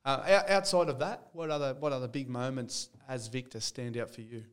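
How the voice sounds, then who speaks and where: A man hosting a podcast, asking questions in a relaxed, encouraging way. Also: mid-range voice, brisk, clean tone. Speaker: podcast host. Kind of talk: casual interview chat.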